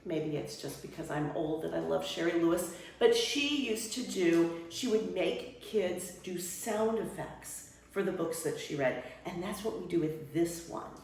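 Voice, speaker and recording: Older woman, retired children's librarian, lively swooping delivery, echoey room, mic at a distance. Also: lowish voice, measured pace, vocal fry, few pauses, slight background noise. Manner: animated storytime voice, big swoops and playful exclamations. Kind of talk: reading-aloud workshop demonstration. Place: workshop room.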